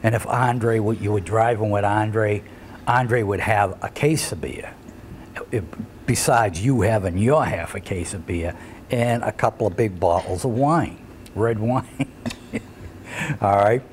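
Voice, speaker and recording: A man's voice: fairly low pitch, slow pace, a little hiss or hum. An older man, a retired wrestler telling rambling road stories in a shoot interview, full of fillers and chuckles.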